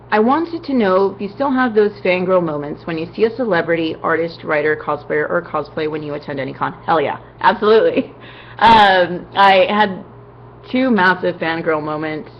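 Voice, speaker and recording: A woman's voice: fairly low pitch, vocal fry, lo-fi sound, a little hiss or hum. A woman cosplayer answering fan questions in a casual vlog, chatty and upbeat with lots of "you know" asides.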